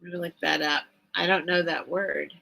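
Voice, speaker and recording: A woman's voice: fairly low pitch, steady tone, fairly quick, vocal fry, bright, forceful tone, slight background noise, low-quality recording. A middle-aged woman hosting a late-night live sale stream, chatting casually and emotionally as she reacts to viewer comments.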